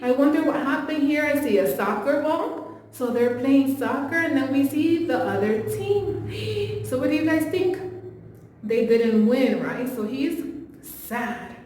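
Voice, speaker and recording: A woman teacher reading a picture book to young children, animated, gasping in surprise and quizzing them as she goes. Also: high-pitched, unhurried, slight background noise. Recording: very echoey room with long reverb.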